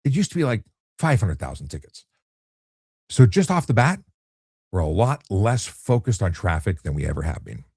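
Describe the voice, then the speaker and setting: Low husky-voiced cop hosting late night. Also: male voice, sing-song, normal speed, darkish tone, dry recording, clean studio sound. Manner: easygoing, often repeats words when restarting. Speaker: traffic cop and livestream host. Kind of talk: relaxed late-night live chat answering viewer questions.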